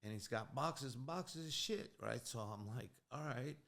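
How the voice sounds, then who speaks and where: A man telling a prison story in casual chat, animated and laughing as it builds. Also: mid-range voice, normal speed, creaky. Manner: animated, laughs through his own story. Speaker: guest, former prisoner.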